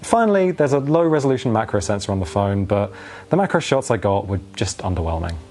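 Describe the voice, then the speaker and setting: A man giving a scripted tech review in a clear, measured and lightly wry way, filmed outdoors on a phone's own microphone. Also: on the low side, big pitch swings, a little mellow, a little hiss or hum. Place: outdoors in wind. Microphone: phone's built-in microphone.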